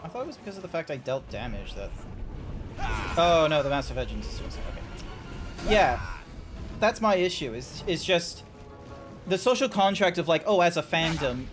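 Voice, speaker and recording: A man streams a game and chats in a rambling, casual way, full of fillers and restarts, with music playing behind him. His voice is a little high and very animated, moving at a moderate pace with long pauses.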